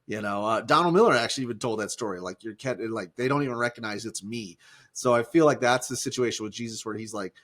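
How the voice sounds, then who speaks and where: A man's voice: mid-range voice, fast, fairly bright tone. A man co-hosting a podcast in casual, rambling chat, cracking jokes and putting on silly voices. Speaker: podcast co-host.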